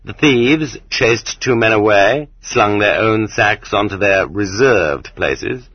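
Low husky man reading an audiobook. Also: no room sound. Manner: steady, measured reading that rises sharply for quoted shouts. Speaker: audiobook narrator. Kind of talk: scripted narration. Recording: dull lo-fi cassette audio.

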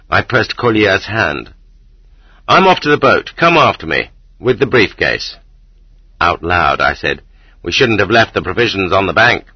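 Low, husky male audiobook narrator. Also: no room sound. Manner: steady, measured storytelling. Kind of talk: first-person audiobook narration. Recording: slightly dull lo-fi recording.

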